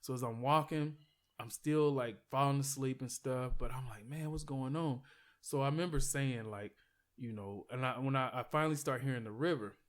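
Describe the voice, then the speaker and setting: A man's voice: medium pitch, brisk. A man, a podcast guest, telling a long story in a casual, rambling way, full of "like" and "you know", with some profanity. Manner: profane, animated retelling.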